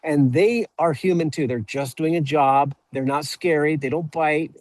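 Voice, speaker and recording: Man, webinar guest, halting storyteller, repeats words, slightly high voice, dry close mic. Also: darkish tone, dry recording, rough recording. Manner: halting, repeats words when starting sentences. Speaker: auto repair shop owner, webinar guest. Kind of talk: conversational storytelling.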